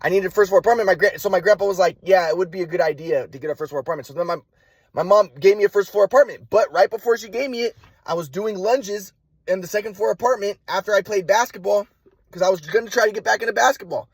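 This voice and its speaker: A young man with a cold, telling a rambling personal story with halting restarts. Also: high voice, breathy edge, no room sound. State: has a cold. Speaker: vlogger.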